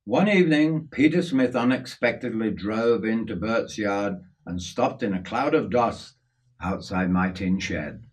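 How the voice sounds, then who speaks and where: A man's voice: fairly low pitch, a little slow, recorded from a distance. An older man telling a story from his youth in a folksy, conversational way. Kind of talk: storytelling narration.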